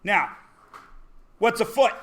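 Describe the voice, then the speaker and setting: Male teacher, high voice, classroom lecture, joking, quizzes students. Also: lively intonation, takes it slowly, a bit bright. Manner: jokey, quizzes students as he goes.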